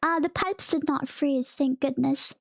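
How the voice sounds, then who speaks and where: A woman's voice: sits high, measured pace, vocal fry, no room sound, clean studio sound. A young woman streamer chatting casually to her viewers, rambling through a story and laughing often between sentences.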